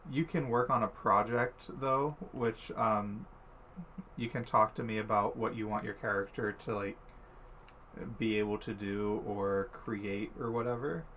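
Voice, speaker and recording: A man acting as game master, explaining tabletop rules in a relaxed way with frequent fillers. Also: fairly low pitch, a little slow, a little hiss or hum.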